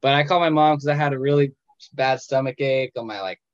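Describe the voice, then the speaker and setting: A man in his twenties recounts his own past in a loose, joking, self-mocking way, slipping in the voices of the people around him. His voice sits at an ordinary middle pitch. The video call audio is slightly muffled and dry, with no room sound. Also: fast talker, no room sound. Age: 20s. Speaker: patient sharing his story. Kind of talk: casual storytelling.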